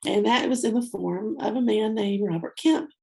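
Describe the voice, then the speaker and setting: A woman's voice: mid-range voice, moderate pace, gravelly, darkish tone. A woman in her fifties, a guest on a talk show, telling a personal story with heartfelt emotion, teary at times, with many fillers. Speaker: guest speaker.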